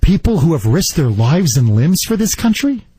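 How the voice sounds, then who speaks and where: Male talk radio host, high lively voice, husky edge, indignant and emphatic monologue, dry close sound. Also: moderate pace, no room sound.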